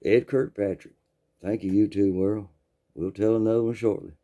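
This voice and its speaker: This is casual storytelling from a Southern man in his sixties who wanders through a funny story and repeats his words a lot. The voice is on the low side and mellow, with fairly even intonation at a normal speed, and the sound is lo-fi.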